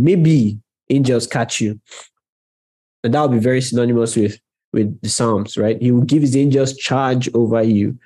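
Mellow-voiced man preaching a sermon. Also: medium pitch, breathy edge. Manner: conversational, emphatic, addresses listeners directly. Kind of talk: sermon teaching.

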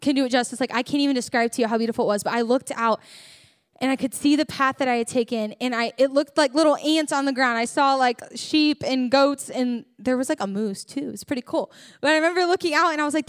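High-voiced young woman preaching. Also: brisk, no room sound, clean studio sound. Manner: chatty, animated storytelling with many fillers. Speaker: church speaker. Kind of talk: sermon.

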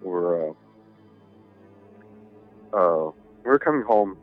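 Over a tinny, phone-like line with faint music behind it, a man appearing as a podcast guest spins a long, rambling story in casual conversation, cursing frequently and padding pauses with "you know." He has a deep voice, lively intonation, and takes his time.

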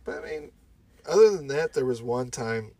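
Husky man telling a story. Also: mid-range voice, big pitch swings, normal speed, dark tone. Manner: storytelling, swears often. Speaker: podcast co-host. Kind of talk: casual chat.

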